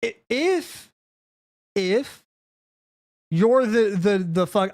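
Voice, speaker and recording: A man on a live stream in full rant mode, cursing freely and repeating himself as he stumbles over his own words. His pitch swoops widely, jumping from shouted peaks down to low, muttered grumbles. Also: lively intonation, normal speed. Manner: profane, heated, swings between yelling and low grumbling. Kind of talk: ranting live-stream monologue.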